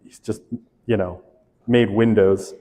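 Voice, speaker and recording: A man's voice: on the low side, steady tone, slow, warm tone, long reverb tail. A male instructor running a class quiz review, reading questions aloud and joking with students.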